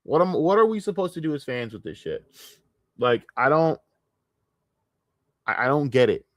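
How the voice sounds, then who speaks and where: A man's voice: a little high, big pitch swings, normal speed, dry recording, clean studio sound. A young adult American man ranting casually on a livestream, frustrated and profane, often stammering and restarting his sentences. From United States. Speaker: streamer.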